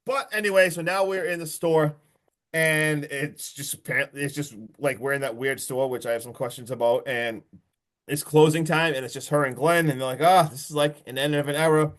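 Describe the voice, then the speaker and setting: Man, podcast host, fairly high voice, excitable, swears a lot, casual plot recap. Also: brisk. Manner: excitable, profane, recounts plot with swearing and laughs. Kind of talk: casual movie review chat.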